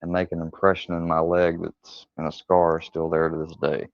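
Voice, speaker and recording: Gravelly deep-voiced man telling stories. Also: completely flat delivery, normal speed, dry recording. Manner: rambling, profane, retells dialogue with quoted voices. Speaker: streamer. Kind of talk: casual storytelling livestream. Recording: dull lo-fi stream audio.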